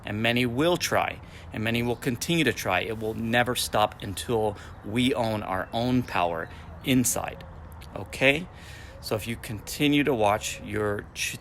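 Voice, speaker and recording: A spiritual teacher in his forties speaks in a fairly low voice, repeating phrases like affirmations as he teaches. A faint hum of passing traffic sits under his voice. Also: a bit bright. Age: 40s.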